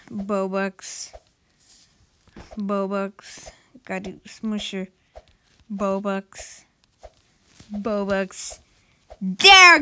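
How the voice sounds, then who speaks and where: A woman playfully narrating a game role-play, excitable and breaking into sudden shouted outbursts. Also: medium pitch, clear, resonant tone. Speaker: gameplay narrator.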